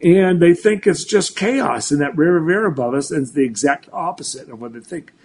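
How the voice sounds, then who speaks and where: Man in his sixties, meteorologist, animated, stumbling restarts, higher voice. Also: a little fast, breathy edge. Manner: animated, full of restarts and repeats. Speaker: meteorologist guest. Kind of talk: casual talk show chat.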